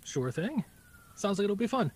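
A man appearing as a podcast guest, chatting in a friendly, easygoing way with a husky voice. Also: sits high, very animated, moderate pace, dry recording. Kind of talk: casual chat.

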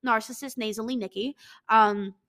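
A woman's voice: a little high, steady tone, normal speed, a bit bright. A woman in her twenties with a stuffy nose, talking casually and reading from an article, rambling, profane and self-mocking, with lots of "like.". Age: 20s.

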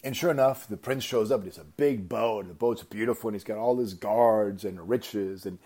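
Husky, low-voiced man telling a motivational story. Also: normal speed. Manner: animated, emphatic storytelling with repetitions. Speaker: company founder, motivational speaker.

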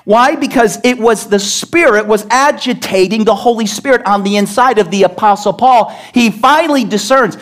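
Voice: mid-range voice, normal speed, hardly any pauses. A pastor preaching a sermon to a congregation, emphatic and pressing them with questions. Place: church service.

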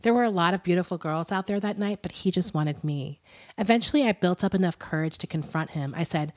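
A woman co-hosting a casual podcast, retelling a story with plenty of fillers. Her voice sits a little low for a woman, and she keeps breaking into giggles and quick apologies. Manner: chatty, many fillers like "um" and "like". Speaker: podcast co-host.

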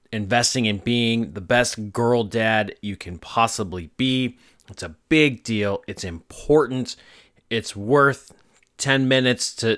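A man in his thirties from Arizona, hosting his own podcast and telling family stories in a relaxed, joking way. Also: on the low side. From Arizona, USA. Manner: animated, jokey, does voices in quotes. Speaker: podcast host. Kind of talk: casual storytelling monologue.

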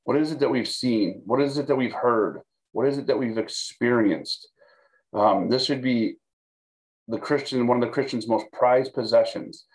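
A man of middle pitch teaches scripture to a camera, talking to his viewers as if they sit in front of him. He talks in a conversational way, restarting phrases and asking "okay?" as he goes. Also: moderate pace, poor audio. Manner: conversational, repeats words, fillers, checks in with "okay?". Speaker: pastor teaching a Bible study. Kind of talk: recorded Bible teaching. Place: recorded for video.

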